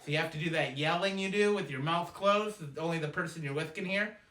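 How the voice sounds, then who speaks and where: A man performing a stand-up routine, telling family stories in a quick, animated way. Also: on the high side. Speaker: comedian. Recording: echoey room, distant mic, noisy.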